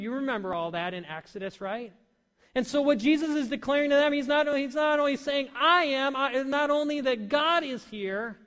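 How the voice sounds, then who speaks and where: A man preaching a sermon to a congregation, animated and full of questions to his listeners. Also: extremely high pitch. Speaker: pastor. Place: church hall. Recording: long hall reverb.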